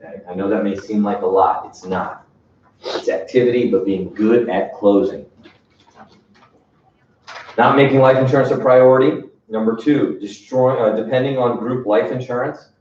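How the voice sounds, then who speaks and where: A man's voice: medium pitch, moderate pace, darkish tone. A man leading a sales training session in an emphatic coaching manner, often checking in with "right?". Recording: distant, echoey room, dull sound.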